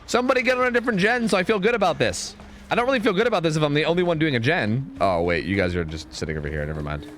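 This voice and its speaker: A man streaming a game, chatting excitedly and swearing as he talks to his teammates and viewers. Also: fairly high pitch, rapid-fire, slight background noise. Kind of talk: live gameplay commentary.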